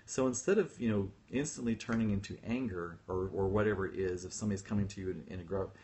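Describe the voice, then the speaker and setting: A man's voice: deep voice, fast, mellow. A man hosting a casual livestream talk as a spiritual teacher, chatty and self-deprecating, laughing often as he tells stories. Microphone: phone livestream.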